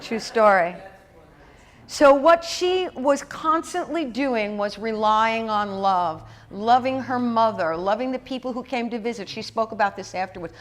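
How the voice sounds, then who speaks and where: A middle-aged woman minister giving a sermon in a lively, chatty way, with asides and quick laughs. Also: on the high side. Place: church hall.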